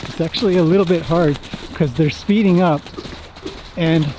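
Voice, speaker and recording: A man's voice: fairly high pitch, normal speed, noisy background. A man, a horse trainer, chatting casually as he works his horses outdoors and talks fondly to them. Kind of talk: casual commentary while working horses.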